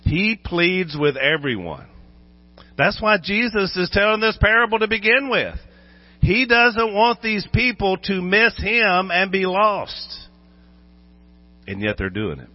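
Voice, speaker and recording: Man, pastor, animated sermon, muffled sound, mains hum. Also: high-pitched, slow. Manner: animated, acts out voices while preaching.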